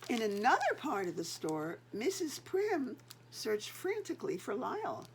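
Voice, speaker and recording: A woman's voice: mid-range voice, wildly swooping pitch, normal speed, slight background noise. An older woman, a grandmother, reading a picture book aloud and chatting to the children between pages.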